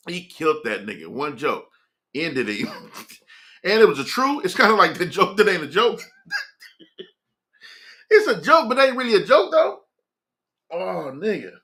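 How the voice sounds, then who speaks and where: Young male host, keeps breaking into laughter, animated delivery. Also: a little high. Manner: laughing hard, breaking into giggles between words. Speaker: morning show host. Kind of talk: casual chat with live viewers.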